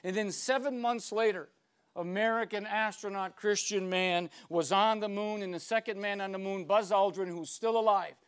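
An older man giving a lecture, emphatic and declamatory, with dramatic pauses between phrases. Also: sits high, fairly even intonation, clean tone. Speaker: speaker.

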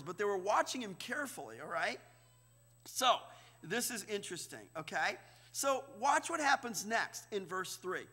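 A man's voice: high voice, sharp tone, long reverb tail. A male pastor giving a sermon in a conversational way, often checking in with his listeners by asking "right?" and "okay?". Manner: conversational, frequent rhetorical check-ins. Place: church sanctuary.

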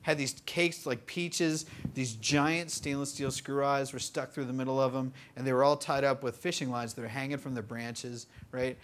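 A man in his twenties telling stories in a casual interview, animated, full of fillers and laughing often. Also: mid-range voice, moderate pace, hardly any pauses, a little hiss or hum. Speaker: interview guest. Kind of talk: casual storytelling. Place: bookstore event.

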